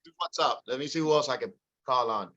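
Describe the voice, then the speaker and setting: A man's voice: mid-range voice, quick pace, highs cut off, over a noisy crowd. A man leading a real estate sales meeting over a video call, calling on team members by name and pushing them to keep going. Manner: energetic, calls on people by name.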